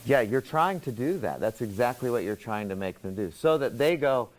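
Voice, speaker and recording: A man's voice: medium pitch, lively intonation, moderate pace, hardly any pauses. A man teaching a class, asking students questions and explaining ideas step by step. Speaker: instructor.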